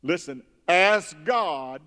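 A man preaching a sermon, reading scripture and breaking into loud emphatic bursts. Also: fairly high pitch, expressive, very slow. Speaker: pastor. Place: church sanctuary. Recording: long hall reverb.

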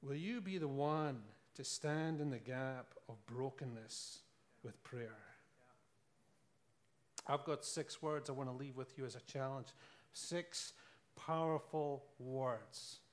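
A man's voice: medium pitch, takes it slowly. A man with a Scottish accent preaching a sermon, telling stories earnestly and asking rhetorical questions.

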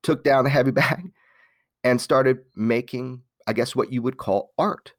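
Speaking a little slowly in a medium-pitched voice, a Los Angeles man tells his life story as an interview guest, candid and animated, with plenty of restarts and some casual cursing. The studio recording is clean, with no room sound.

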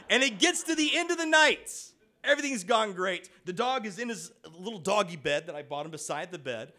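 A man's voice: high-pitched, a little fast, few pauses. A man telling a personal anecdote to an audience, acting out the voices of the people in his story. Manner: animated storytelling, acts out quoted voices.

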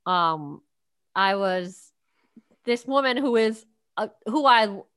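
A woman's voice: mid-range voice, lively intonation, slow, fairly bright tone, clean tone, no room sound. A woman co-hosting a podcast over a video call, telling stories in a chatty way with plenty of ums. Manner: chatty storyteller, lots of ums and uhs. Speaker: podcast co-host.

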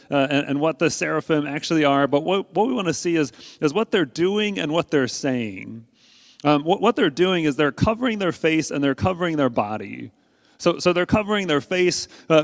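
A male pastor talks through a scripture passage in an easygoing, unpolished way, stumbling over restarts and fillers. His voice sits slightly high, and the sound rings out with long reverb from a hall. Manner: conversational, many fillers and restarts. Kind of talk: sermon.

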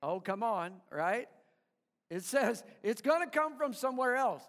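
A pastor delivers an emphatic live sermon, calling for responses from the congregation and often stumbling over repeated words. His very high voice is animated, a bit bright and a little slow, with long hall reverb.

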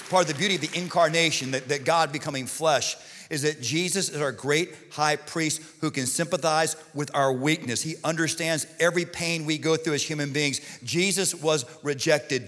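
Bright-voiced preaching pastor, man. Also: mid-range voice. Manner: animated preaching, swings from hushed to loud. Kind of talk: sermon. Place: church sanctuary. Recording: long hall reverb.

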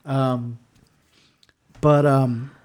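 A man co-hosting a podcast in a casual movie-review chat, talking with many restarts and fillers and acting out quoted lines with big jumps in pitch. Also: little pitch movement, extremely slow, darkish tone. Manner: lots of restarts and filler words. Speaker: podcast co-host.

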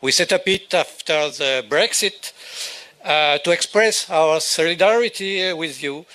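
An older man with a French accent, a native French speaker giving a halting speech at an outdoor rally. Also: fairly high pitch, bright, forceful tone. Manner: halting, searching for English words.

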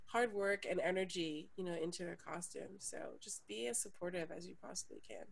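Laughing, excitable woman in conversation. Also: on the low side, brisk, creaky. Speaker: cosplayer guest. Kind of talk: casual panel chat.

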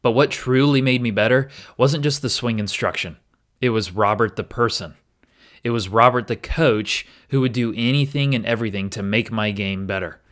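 A man hosting a podcast talks at normal speed in a mid-range, slightly bright voice. It's a reflective solo episode in which he candidly and earnestly relates his own experience, with the odd restart.

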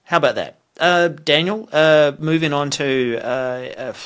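A man's voice: on the high side, a little slow, fairly bright tone, clean tone. A man hosting a casual tech chat, reading out news items and making wry, teasing remarks. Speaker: podcast host.

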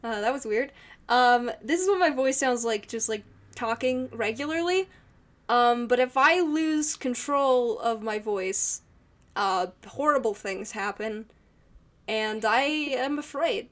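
Woman, podcast co-host, casual chat, rambling, slow-paced, fairly high-pitched. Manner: rambling, many restarts and fillers, giggly.

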